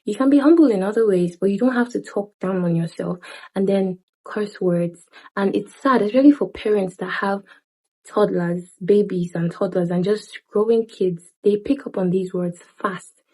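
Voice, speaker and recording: A woman's voice: medium pitch, moderate pace, dark tone, breathy edge, rough recording. A young woman talking casually to camera, giving chatty advice with playful asides and frequent laughs. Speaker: lifestyle vlogger.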